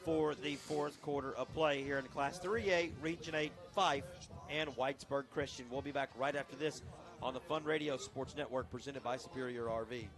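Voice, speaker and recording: A man doing play-by-play for a local high school football game on radio, lively and chatty, joking at himself between plays. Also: moderate pace, music in the background. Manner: lively, chatty, self-deprecating. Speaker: play-by-play announcer.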